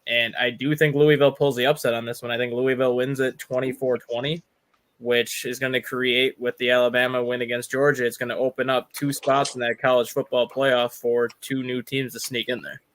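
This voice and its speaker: A man's voice: medium pitch, flat delivery, a little fast, fairly bright tone. A man on a sports panel giving casual, confident analysis.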